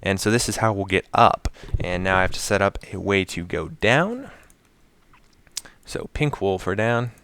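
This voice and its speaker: A man's voice: sits low, expressive, normal speed, fairly bright tone, clean tone. A man giving casual gameplay commentary while he builds, talking to himself, counting items aloud and explaining each step to his viewers.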